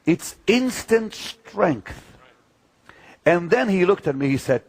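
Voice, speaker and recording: Emphatic older male preacher, lively pitch. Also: unhurried, creaky, husky. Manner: emphatic, storytelling, swings from loud to hushed. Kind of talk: sermon-style teaching talk.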